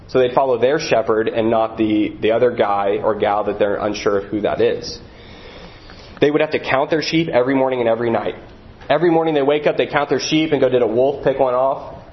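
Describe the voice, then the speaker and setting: A man's voice: mid-range voice, highs cut off. A man preaching a sermon as a pastor, earnest and repeating phrases for emphasis.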